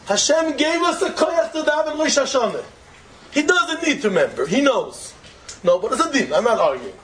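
A man with a fairly high voice gives an informal Torah talk, mixing in Yiddish and Hebrew terms. He is animated and builds up to emphatic peaks. There is a faint noise under the recording. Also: moderate pace, rough recording. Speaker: religious speaker.

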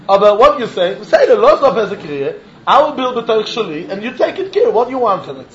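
A man giving an animated Talmud lecture, acting out both sides of a dispute in the first person. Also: sits high, fairly quick, muffled recording. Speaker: Talmud teacher.

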